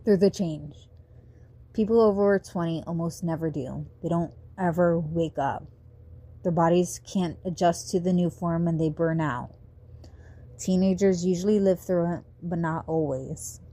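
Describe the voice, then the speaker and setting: Woman voicing a quiet, grave teen boy vampire. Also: lowish voice. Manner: quiet, slow and serious.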